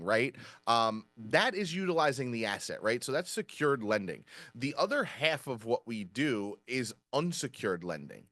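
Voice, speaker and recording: A man's voice: medium pitch, fairly bright tone, no echo. A man giving an upbeat webinar presentation as a company vice president, often tagging sentences with "right?". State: out of breath.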